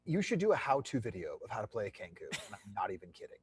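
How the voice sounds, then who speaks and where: Casting note: playful male game master, husky and animated. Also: lowish voice, fast. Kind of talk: running a tabletop game.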